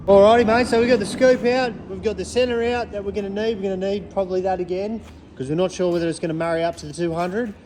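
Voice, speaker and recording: Chatty Australian bloke in a workshop. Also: male voice, high voice, fairly even intonation, fast talker, a little hiss or hum. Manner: upbeat, chatty, laid-back slang, yells playful calls. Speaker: vlogger. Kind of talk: casual chat. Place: panel repair workshop.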